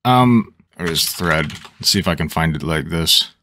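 A man's voice: very deep voice, moderate pace, slight background noise. A man giving casual reaction commentary, cursing freely and laughing often as he rambles. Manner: animated, profane, laughs often.

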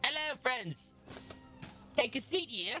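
A man voicing a small, excitable dwarf woman who runs an inn, in a high chirpy voice whose accent keeps shifting. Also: slow, over music, exaggerated voice. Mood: cheerful.

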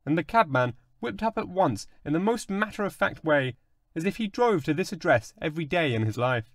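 A man narrating a classic short story in an expressive, dramatic audiobook reading. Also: fairly high pitch, brisk, no room sound, studio quality.

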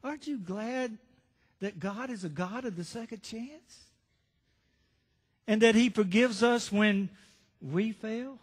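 Man preaching in a church, high-ish voice, lots of questions to the pews, long echo. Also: slow pace, long pauses, slightly rough. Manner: storytelling, rhetorical questions to the congregation. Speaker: pastor. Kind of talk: sermon. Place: church sanctuary. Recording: reverberant church hall.

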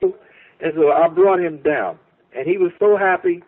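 A man's voice: on the high side, measured pace. A man, a music producer and songwriter, reminiscing in an interview, telling stories with lots of repeats and restarts. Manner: animated storyteller who repeats and restarts phrases. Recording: tinny phone line.

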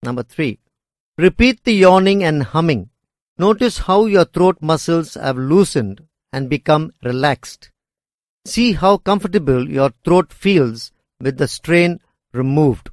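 A man reading a scripted lesson on speaking skills in a measured, deliberate way. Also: on the high side, animated, no room sound, studio quality. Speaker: instructor.

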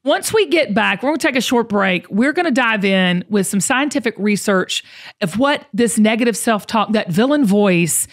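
A woman's voice: medium pitch, expressive, normal speed. A middle-aged woman, hosting a casual podcast in a folksy, emphatic way, often repeating herself. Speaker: podcast host.

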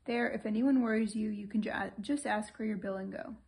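A woman's voice: medium pitch, fairly even intonation, a little fast, a little mellow, lightly acted. A woman voicing a grumbling, fussy old English lord who complains plaintively in an audiobook reading.

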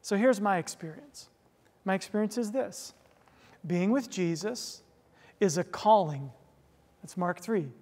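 A male pastor preaching a sermon, telling a story earnestly with frequent restarts and quick "right?" asides. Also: high-pitched, a little mellow. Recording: long reverb of a large hall.

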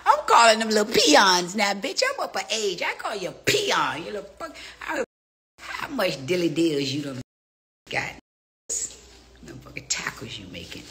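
A middle-aged woman ranting on a phone live stream, brash and profane, swinging between hushed whispers and loud exclamations. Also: mid-range voice, wildly swooping pitch, normal speed. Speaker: social media personality. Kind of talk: casual live-stream rant.

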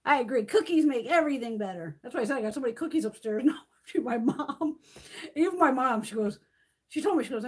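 A middle-aged woman hosting a beauty livestream, chatting casually and telling animated stories, swearing freely. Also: a little high, breathy edge.

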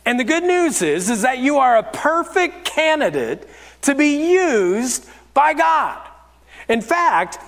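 A man's voice: extremely high pitch, a bit bright. A man giving a sermon as lead pastor, telling stories in a candid, self-deprecating way. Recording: long hall reverb.

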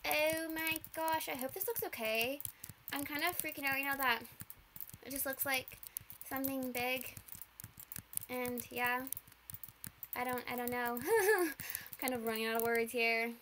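A young woman commentating on her own gameplay, flustered, rushing and apologizing with nervous laughs. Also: high voice, bright, forceful tone, a little hiss or hum. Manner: flustered, rushed, apologetic, giggly. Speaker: gamer.

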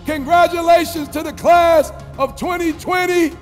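Man, very high voice, fired-up motivational speaker, call-and-response, long reverb, faint music. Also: measured pace. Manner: energetic, repetitive, call-and-response, shouting at peaks. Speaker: commencement speaker. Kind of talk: motivational commencement speech.

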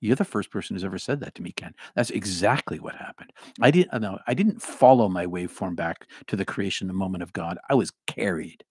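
Middle-aged host, faint Boston accent, animated and rambling, lowish voice, dry sound. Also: male voice, brisk, few pauses, husky, no room sound. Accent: Boston, mostly trained out. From Boston area. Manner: animated, rambling, repeats words and restarts. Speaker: host reading viewer comments. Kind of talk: casual livestream talk.

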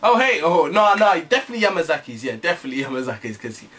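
A young man chats as co-host in a jokey, profane way, laughing easily. His voice is fairly high and very bright, with a faint hiss behind it. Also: very animated, very fast, recorded from a distance. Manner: swearing, jokey, laughs often. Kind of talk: casual chat.

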